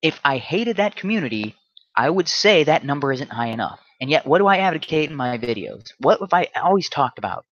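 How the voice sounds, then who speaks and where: A man's voice: a little high, very animated, brisk, a bit bright, dry recording, dull audio. A man hosting a solo livestream, ranting combatively and often stumbling into restarts. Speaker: livestream host.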